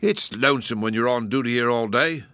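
A man's voice: mid-range voice, a little fast, bright, forceful tone, no room sound, close to an everyday voice. A man voicing a nervous, apologetic police constable who stammers and defers to his superiors.

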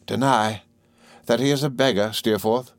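A man voicing a pompous, angry older male headmaster who talks slowly and blusters. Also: medium pitch, steady tone, dry recording, lightly acted. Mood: blustering.

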